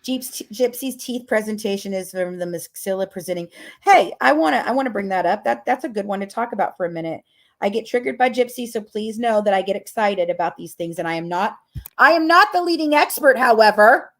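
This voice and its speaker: A woman's voice: medium pitch, a little fast. A woman hosting a podcast, telling a story in a casual rant that is profane, emphatic and dramatic. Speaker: podcast host.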